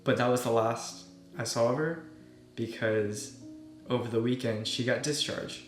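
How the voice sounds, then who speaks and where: A young man, a medical student, earnestly telling a personal story in a soft voice that often trails off quietly. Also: medium pitch, steady tone, a little slow. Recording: echoey room with soft guitar music.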